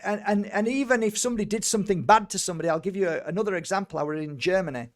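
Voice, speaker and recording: Male medium guest, high-pitched, emphatic, animated storyteller who repeats and restarts words. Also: very fast. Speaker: spiritual healer and medium, guest. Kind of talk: casual storytelling conversation.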